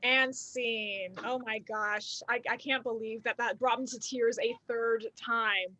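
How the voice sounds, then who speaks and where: Bright-voiced woman hosting improv online, jokey mock serious, lots of ums. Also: fairly high pitch, fairly even intonation, a little slow. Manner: mock-earnest, chatty with fillers. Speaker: improv show host. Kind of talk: playful mock-nostalgic show narration.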